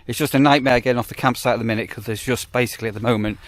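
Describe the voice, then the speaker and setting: A man's voice: mid-range voice, steady tone, rapid-fire, a little hiss or hum. A man, a campsite warden chatting casually in a rambling vlog with wry asides. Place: on the move, outdoors and in a car.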